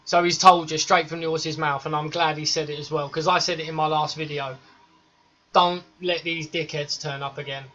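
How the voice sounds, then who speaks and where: A man's voice: on the high side, flat delivery, normal speed, bright, forceful tone. A man reacting to a video clip, talking in a sweary, slangy, emphatic way. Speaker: reaction vlogger. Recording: dull lo-fi recording.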